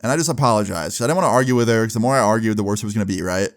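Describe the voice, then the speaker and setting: A man's voice: fairly low pitch, very fast. A young man casually telling a personal story, swearing freely and filling with "like" and "you know". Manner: casual, profane, lots of fillers.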